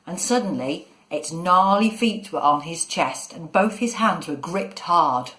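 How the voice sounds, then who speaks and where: A woman narrating a children's story in a measured, expressive way. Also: fairly low pitch. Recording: echoey room.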